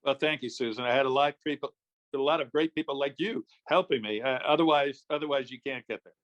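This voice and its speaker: An older former politician from New York State, USA, tells easygoing anecdotes as an interview guest in casual storytelling. His mid-range voice moves fast, and the highs are cut off.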